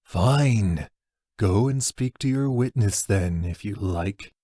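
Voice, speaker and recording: A man's voice: on the low side, expressive, slow, no room sound, studio quality. A man voicing a big, scornful male rival who speaks with sneering impatience. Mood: dismissive. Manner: sneering and sharp.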